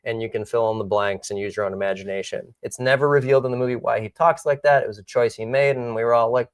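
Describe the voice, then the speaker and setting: A middle-aged man tells a rambling, self-deprecating showbiz story with lively, easy energy. His mid-range voice sits close and dry on the microphone, with no room sound at all. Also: medium pitch, fast talker, few pauses, no echo. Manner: animated, self-mocking, rambling anecdotes. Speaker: guest actor. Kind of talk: casual storytelling.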